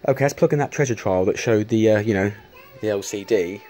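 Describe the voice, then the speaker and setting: A man's voice: lowish voice, brisk, darkish tone, a little hiss or hum. A man chatting casually to camera, rambling with many restarts and casual swearing. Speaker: vlogger showing arcade machines.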